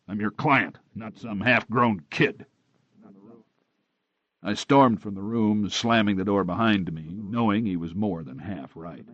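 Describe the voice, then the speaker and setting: A man narrating a crime novel in the first person with a steady, hard-boiled delivery. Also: sits low, no room sound. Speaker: audiobook narrator. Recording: dry, dull close-miked recording.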